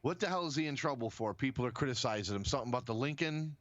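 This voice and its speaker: A man co-hosting a casual podcast chat, talking in an animated, profane, rambling way full of restarts. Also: mid-range voice, very fast, no echo, muffled recording. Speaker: podcast co-host.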